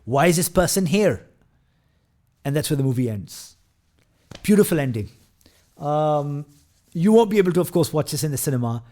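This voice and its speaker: A man's voice: on the high side, animated, fairly quick, pauses often, warm tone. A man hosting a casual film review who retells scenes at length, with frequent fillers, restarts and quoted lines from the characters.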